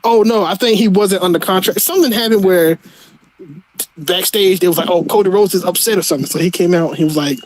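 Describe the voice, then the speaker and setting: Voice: medium pitch, brisk, no room sound, poor audio. A co-host of a casual wrestling podcast who jokes and mocks catchphrases with impressions. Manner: joking, mocking impressions of catchphrases. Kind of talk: casual wrestling recap chat.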